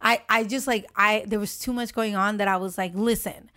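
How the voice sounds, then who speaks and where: Give me a young woman chatting casually, animated storytelling with lots of quoted voices. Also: medium pitch, normal speed. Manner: animated storytelling, acts out quotes, swears freely. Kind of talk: casual chat.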